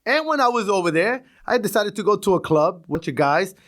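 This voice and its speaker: Middle-aged New York man, podcast guest; slightly high voice, animated storyteller who slips into street voices. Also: fairly quick. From Brooklyn, New York. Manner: animated, acts out street dialogue, chuckles often. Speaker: podcast guest, retired police officer. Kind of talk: casual storytelling.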